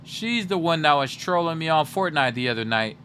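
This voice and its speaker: A young man hosting a livestream, chatting casually and teasing his viewers in a joking, animated way. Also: on the high side, a little fast, a little hiss or hum. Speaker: livestream host.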